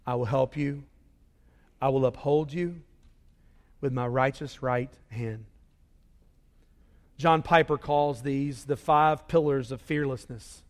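A man preaching a sermon as pastor, moving from quiet scripture reading to loud, emphatic repetition with his congregation. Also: on the high side. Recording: long hall reverb.

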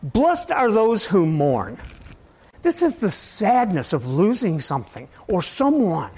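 A male pastor with a fairly high voice preaches a casual, rambling sermon. His pitch leaps up and down as he asks his listeners question after question, now loud, now soft. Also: wildly swooping pitch, takes it slowly, breathy edge. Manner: conversational, asks the audience many questions.

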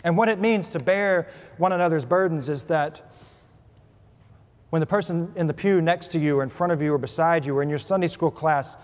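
A man preaching a sermon as pastor, telling a humorous story with lively shifts in loudness and pitch. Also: a little fast. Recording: preached in a hall with long reverb.

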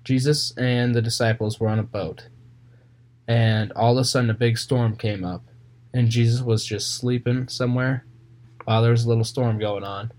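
A Bible reader, a man, reads passages aloud and then retells them casually in his own words, with fillers and pauses. His mid-range voice is steady and a little mellow, and there's a faint hiss or hum in the audio.

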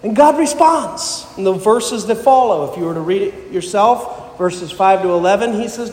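A man's voice: expressive, moderate pace, hardly any pauses, darkish tone. A man preaching a sermon, earnest, rising for emphasis as he reads and explains scripture. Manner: earnest, rises in pitch and volume for emphasis. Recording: echoey hall.

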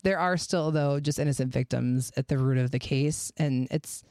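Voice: mid-range voice, moderate pace, darkish tone, clear, resonant tone, no echo. Rambling podcast host, dry close mic. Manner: rambling, with filler words and restarts. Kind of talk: casual true-crime podcast chat.

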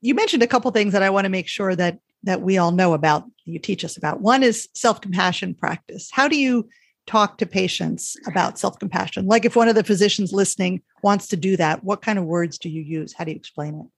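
A woman's voice: medium pitch, brisk, creaky, no echo. Woman host asking engaged questions. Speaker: podcast host. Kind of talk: conversational interview.

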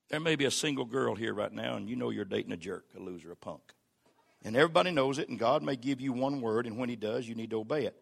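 An older man preaching a sermon as a pastor. He is folksy and humorous, and he swings from shouted exhortation to quiet storytelling. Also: medium pitch, quick pace, creaky.

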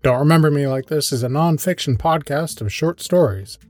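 A man's voice: on the high side, moderate pace, darkish tone, dry recording, faint music behind. A man telling his own short stories as a podcast host, in a dry, wry, understated scripted delivery. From American Midwest. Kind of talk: scripted first-person storytelling.

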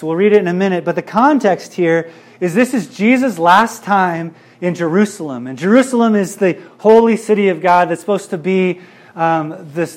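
A male pastor preaching a sermon in an earnest way, repeating phrases for emphasis. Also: high voice.

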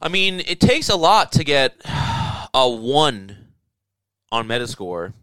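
A man's voice: mid-range voice, sing-song, slow pace, fairly bright tone, smooth, no echo. A man co-hosting a casual chat, riffing sarcastically and joking around.

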